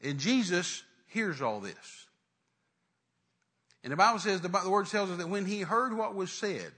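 Bright-voiced preacher. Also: male voice, sits high, animated, normal speed, breathy edge. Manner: dramatic retelling, acts out voices, sudden loud rises. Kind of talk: sermon.

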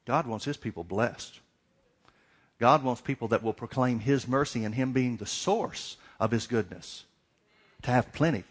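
A man's voice: mid-range voice, unhurried, husky. Man preaching a conversational sermon. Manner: conversational preaching with repeated questions and acted-out dialogue. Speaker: pastor.

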